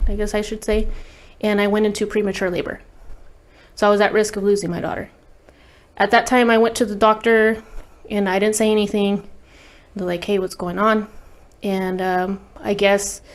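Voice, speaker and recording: Woman on a podcast just telling it straight, cussing a lot, lots of "like". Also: mid-range voice. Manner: blunt, profane, heavy use of "like". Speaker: guest recording artist. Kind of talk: candid personal storytelling in interview.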